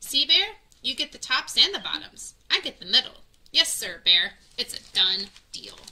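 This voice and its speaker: Woman doing a sly, bright-voiced hare. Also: on the high side, very animated, normal speed, slight background noise, exaggerated voice. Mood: sly cheer. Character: clever cunning male hare farmer.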